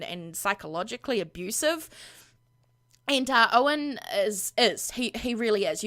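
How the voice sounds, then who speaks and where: A woman gaming vlogger animatedly retelling her game household's drama in a casual, gossipy way. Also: medium pitch. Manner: animated, gossipy, full of fillers.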